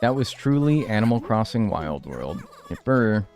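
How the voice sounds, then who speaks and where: A man's voice: fairly low pitch, big pitch swings, normal speed, a little mellow, soft background music. A man casually chatting with viewers during a live game stream, rambling and wry as he thanks people by name. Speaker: gaming livestreamer. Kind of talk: casual live-stream chat while playing.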